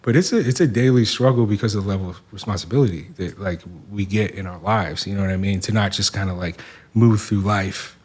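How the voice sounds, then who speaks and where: A man in his forties from the Seattle area, a podcast guest talking in a reflective, soft-spoken way with many fillers. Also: fairly low pitch, a little fast, breathy edge. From Seattle area, USA. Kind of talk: casual podcast conversation.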